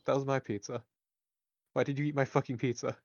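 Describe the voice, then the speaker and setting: A man's voice: mid-range voice, animated, moderate pace, natural voice. A man voicing a flippant, sarcastic adventurer in a tabletop role-play game, swearing offhandedly. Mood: annoyed. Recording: dull, dry lo-fi mic.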